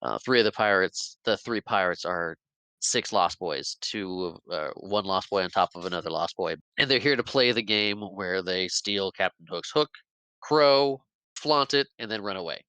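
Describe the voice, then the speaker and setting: Deep, bright-toned man recapping a movie. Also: moderate pace, clean tone, no echo. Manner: animated retelling, acts out quotes, laughs often. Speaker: podcast host. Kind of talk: casual movie recap chat.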